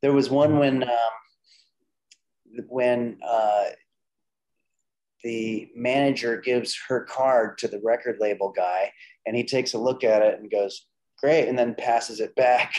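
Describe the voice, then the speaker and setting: On a rough recording, a middle-aged comedian and filmmaker spins casual stories during an interview, his medium-pitched voice unhurried. He quotes and performs the other people's lines, and he frequently stops and restarts as he goes.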